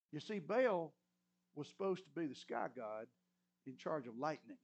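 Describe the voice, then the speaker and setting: Brief: high-pitched male preacher, animated storytelling sermon, muffled lo-fi recording. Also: moderate pace. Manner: storytelling, animated, clears throat often.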